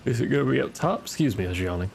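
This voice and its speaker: A man's voice: medium pitch, expressive, rapid-fire, creaky, darkish tone, slight background noise. A man giving casual, sarcastic gameplay commentary, muttering and swearing at the game as he plays. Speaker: gaming streamer. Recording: game music behind voice. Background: game music.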